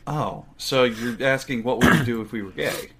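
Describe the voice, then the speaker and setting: A man's voice: mid-range voice, normal speed, vocal fry, bright, forceful tone, husky. A man co-hosting a podcast, teasing his friends and laughing often in casual chat. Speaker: podcast co-host.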